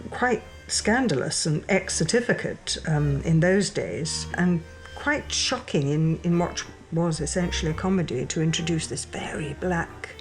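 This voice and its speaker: A woman recalls the theatre of her early years in a measured way. Her voice sits low, and faint music plays underneath. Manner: measured, recollecting.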